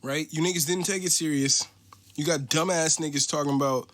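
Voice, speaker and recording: A man's voice: a little high, steady tone, brisk, fairly bright tone. An American man hosting a podcast, ranting in a casual, profane, mocking way. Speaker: podcast host.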